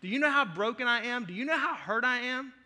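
A preacher acting out a furious destitute widow. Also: male voice, extremely high pitch, lively intonation, quick pace, long reverb tail, voice pushed up, full character voice. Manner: shouting, indignant. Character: furious destitute widow, a single mother at her limit.

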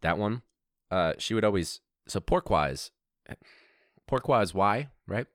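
A man hosting a casual storytelling podcast, rambling and laughing, with sudden incredulous jumps high in his voice. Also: lively intonation, a little slow, pauses often, a bit bright, no echo, studio quality. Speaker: podcast host and teacher. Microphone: podcast microphone.

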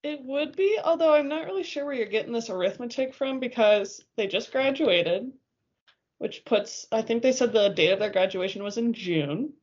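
A woman's voice: a little high, expressive, normal speed, darkish tone, breathy edge, lo-fi sound. Wry, teasing woman co-hosting. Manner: wry, teasing, laughs often. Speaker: podcast co-host. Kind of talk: casual chat.

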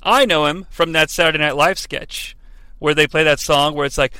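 Wry, bright-voiced male wrestling podcaster. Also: fairly high pitch, a little fast, no echo. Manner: wry, sarcastic asides. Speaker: podcast host recapping wrestling. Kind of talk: comedic recap narration.

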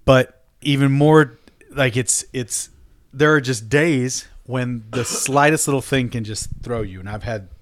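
A man's voice: mid-range voice, measured pace. A man in casual podcast chat who restarts often as he builds up his point.

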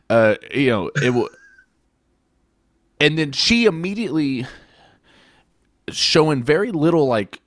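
A man hosting a podcast, retelling a film's plot in a casual, animated way, with swearing and mock quotes. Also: medium pitch, no echo, studio quality. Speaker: podcast host. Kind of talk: casual film review chat.

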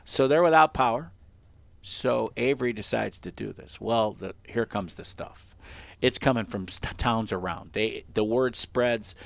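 A man telling a story in casual chat as a host, animated and acting out the quotes, with frequent laughs. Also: medium pitch, a little slow, vocal fry.

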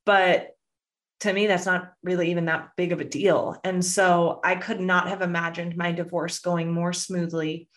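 Holding back tears, a middle-aged woman delivers an honest, emotional monologue at normal speed, sprinkled with "like" and "right?". Her voice is on the low side and fairly bright, with a flat delivery that still sounds thick with feeling.

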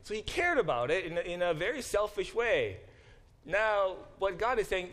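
Sing-song, high-pitched, and a bit bright, a man teaching biblical studies delivers a classroom lecture. He explains Hebrew words along the way and acts out quotes with dramatic flair.

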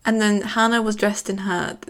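A woman's voice: medium pitch, level tone, normal speed, fairly bright tone. A woman co-hosting a podcast, chatting bluntly and swearing freely as she recaps a TV episode. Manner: blunt, swears, laughs often. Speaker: podcast co-host. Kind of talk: casual recap chat.

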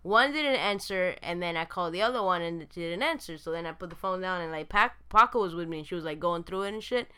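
A woman's voice: fairly low pitch, animated, quick pace, few pauses, bright, forceful tone, clean tone. A woman in a casual podcast chat who teases the others and laughs often.

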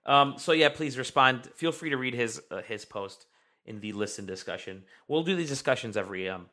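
A man's voice: medium pitch, animated, fairly quick, pushed and bright. A man hosting a podcast, chatting casually and reading out listener comments with plenty of fillers. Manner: rambling, reads listener comments aloud. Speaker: podcast host.

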